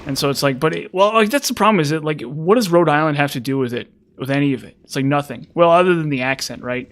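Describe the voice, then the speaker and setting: A man's voice: fairly high pitch, fast talker, a bit bright. A man from the western United States in a rambling casual chat, full of fillers and restarts. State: frazzled. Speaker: streamer.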